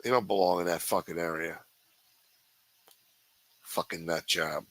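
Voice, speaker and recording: A man's voice: low voice, fairly even intonation, measured pace, a bit bright, no echo, rough recording. A man hosting a livestream, ranting with constant profanity in a sneering, contemptuous way. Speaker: livestream host.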